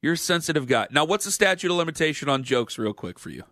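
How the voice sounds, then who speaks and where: Sports radio host, male, high bright voice, dry studio sound, animated jokey storyteller. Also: quick pace, dry recording. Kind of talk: storytelling on radio talk show.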